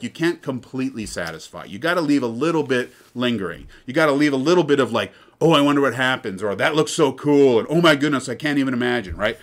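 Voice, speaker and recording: Chatty male lecturer, mid pitch. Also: a bit bright. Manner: chatty, digressive, rhetorical "right?" asides. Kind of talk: informal recorded lecture.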